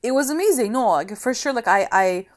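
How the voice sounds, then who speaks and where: A woman's voice: fairly high pitch, animated, a little fast. A woman co-hosting a casual TV recap podcast, talking in a chatty way with lots of "like" and acting out scenes in quotes. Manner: chatty, heavy use of "like", acts out scenes in quotes. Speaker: podcast co-host.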